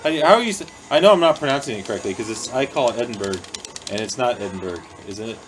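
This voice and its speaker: A man's voice: medium pitch, animated, fast, a little hiss or hum. Rambling playful male stream host. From United States. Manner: playful, rambling, reads chat aloud. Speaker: livestream host. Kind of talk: casual livestream chat. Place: indoor studio room.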